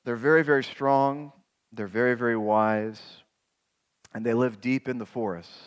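A middle-aged man preaching a sermon, retelling scripture as a vivid dramatic story and rising to loud emphatic peaks. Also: medium pitch, fairly even intonation, moderate pace, smooth. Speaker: pastor.

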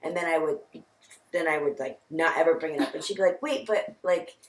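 A woman's voice: low-pitched, a little fast, roomy sound, rough recording. A young woman in her twenties telling a long, rambling story in casual chat, full of "like"s and laughing at herself.

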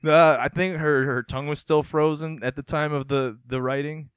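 A man's voice: fairly high pitch, moderate pace, clean tone, dry recording. A man co-hosting a podcast, reading a news story aloud and chatting animatedly. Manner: animated, laughs often. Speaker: podcast co-host.

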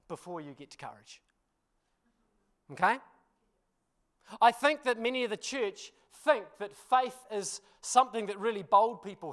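High-voiced New pastor telling stories. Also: male voice. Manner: animated storytelling, self-deprecating, laughs often; addresses congregation with frequent "you know" and "hmm?". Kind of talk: storytelling sermon.

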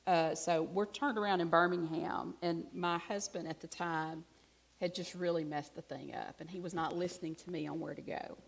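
A middle-aged woman from Alabama with a Southern accent, preaching a sermon in a conversational, self-deprecating storytelling way with hushed asides. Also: on the low side, steady tone, moderate pace, vocal fry. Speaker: pastor.

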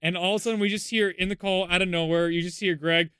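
A young man co-hosting a gaming podcast, telling a story in a casual, animated way and acting out what others said. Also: fast, clean tone, no room sound, clean studio sound. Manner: animated, acts out quotes with jumps in pitch. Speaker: podcast co-host.

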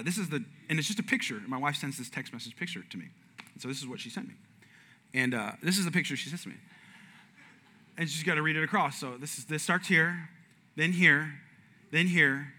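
A man preaching as a pastor, telling humorous stories in an animated way, jumping up high when he acts things out. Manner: animated, jumps to high excited pitch in acted-out stories. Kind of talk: humorous sermon storytelling.

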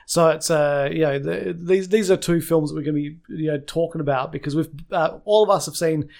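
A man's voice: fairly high pitch, brisk, gravelly, a little mellow. Hesitant man hosting a podcast. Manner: hesitant, many fillers and restarts. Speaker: podcast host. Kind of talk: casual chat.

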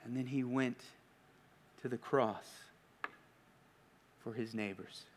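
A man preaching a sermon in an earnest, questioning way, often dropping to hushed emphasis. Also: medium pitch, fairly even intonation, takes it slowly, a little hiss or hum.

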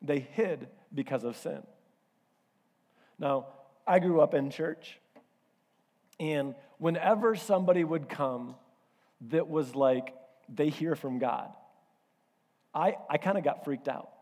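Conversational preacher in an echoing hall. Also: male voice, a little high, slow pace, pauses often, darkish tone. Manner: conversational, storytelling, self-deprecating. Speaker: pastor. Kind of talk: sermon. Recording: reverberant hall.

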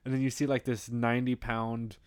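A man's voice: mid-range voice, little pitch movement, fairly quick, clear, resonant tone, no room sound. A man co-hosting a podcast in loose, casual chat. He rambles and restarts his sentences, and he has a mid-range voice. The recording is dry and close. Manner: rambling, lots of fillers and restarts. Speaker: podcast co-host.

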